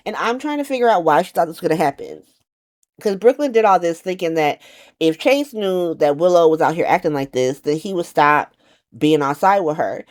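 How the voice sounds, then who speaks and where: Chatty woman ranting through a recap. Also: low-pitched. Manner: animated, profane, acts out characters' lines. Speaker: soap opera recap vlogger. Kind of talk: casual recap rant.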